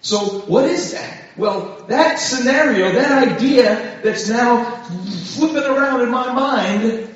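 A man's voice: very high voice, slow pace. A man preaching a sermon in a conversational way, often asking his listeners "right?". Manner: conversational, asks the listeners frequent "right?" questions. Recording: echoey room from far off, dull lo-fi.

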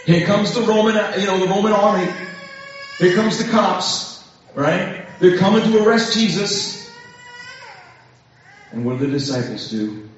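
Male preacher, high and animated voice, casual and conversational sermon, often turns to his listeners with "right?". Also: a little slow, long pauses, a little hiss or hum. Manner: conversational, asks the listeners frequent "right?" questions. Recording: echoey room from far off, dull lo-fi.

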